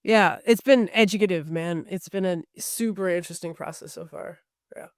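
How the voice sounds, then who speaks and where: A woman's voice: lowish voice, normal speed, dry recording, studio quality. A middle-aged woman talking as a podcast guest, thoughtful and articulate, with easy laughter. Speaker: guest, recording artist. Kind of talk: podcast interview conversation.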